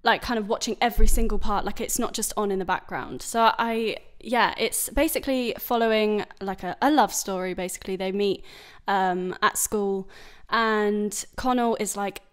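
A woman's voice: mid-range voice, normal speed, few pauses, clear, resonant tone. A young woman from England talks easily as a podcast guest. She laughs often and fills her sentences with ums and likes. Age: young adult. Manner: giggly, chatty, lots of fillers. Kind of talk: casual chat.

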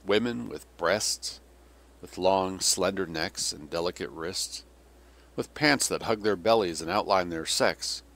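A man's voice: fairly low pitch, animated, moderate pace, fairly bright tone, pitched above the performer's own voice. A man reading as a cynical old Russian general. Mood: sardonic. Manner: sardonic, bitter tirades. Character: weary cynical older male Russian general.

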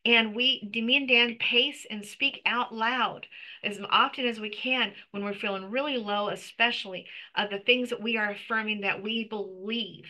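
A woman's voice: on the high side, steady tone, normal speed, pushed and bright, low-quality recording. A middle-aged woman co-hosting a casual faith talk, supportive and explaining. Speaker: co-host.

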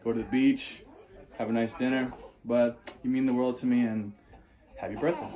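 A man giving relaxed, playful birthday wishes. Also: mid-range voice, normal speed. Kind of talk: casual birthday message.

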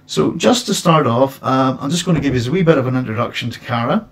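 A man's voice: mid-range voice, lively intonation, quick pace. A man hosting a casual livestream chat from home, rambling with many restarts. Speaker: host.

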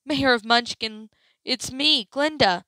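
A woman's voice: on the high side, takes it slowly, sharp tone, dry recording, pitched above the performer's own voice. A woman playing an earnest good witch. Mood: urgent.

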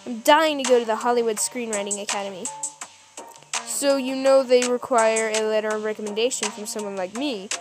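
A woman voicing a bossy, sharp-tongued male film director who scolds his staff, with music playing underneath. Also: a little high, steady tone, brisk, lightly acted. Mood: brisk.

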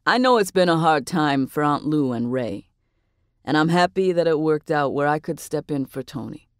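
A woman voicing an earnest, devoted young man in an audiobook, in a plain, even tone. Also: deep voice, moderate pace, no echo, clean studio sound. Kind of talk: audiobook character voice.

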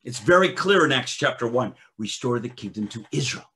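A man preaching a sermon as a ministry director, swinging from loud emphatic bursts to quiet scripture reading, with frequent restarts. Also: mid-range voice, animated, a little fast. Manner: restarts and filler uh often.

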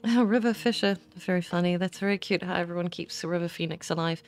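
A woman's voice: lowish voice, fast. A woman streamer giving casual, gushing commentary while playing a game, often exclaiming. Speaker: gaming streamer. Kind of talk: casual let's-play commentary. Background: faint game music.

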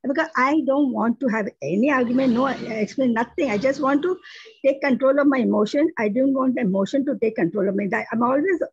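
A woman's voice: high voice, husky, no echo, highs cut off. A woman sharing a personal testimony in a prayer group, telling it earnestly with frequent restarts.

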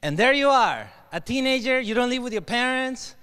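A man with a Mexican Spanish accent, telling an animated story in a keynote speech, asking the crowd questions and slipping into Spanish. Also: very high-pitched, normal speed, clean tone. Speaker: motivational keynote speaker. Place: large hall with an audience. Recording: long hall reverb.

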